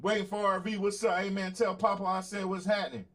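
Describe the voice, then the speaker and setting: A fast-talking man with a high, fairly bright voice and flat delivery hosts a casual livestream talk show. He answers chat bluntly and profanely, repeating points for emphasis, laughing between them, and calling out to viewers.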